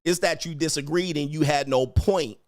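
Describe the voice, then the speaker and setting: A brash man on a livestream, taunting his commenters with profane insults and laughing at them. His voice sits a little high for a man. The sound is dry and close, with no room echo. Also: moderate pace, soft background music. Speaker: livestream host reading chat.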